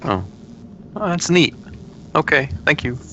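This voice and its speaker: A man's voice: fairly high pitch, expressive, a little slow, pushed and bright. A man playing a tabletop game, making wry, speculative jokes to the group. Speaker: player. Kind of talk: casual tabletop game chat. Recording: lo-fi recording with clear background noise.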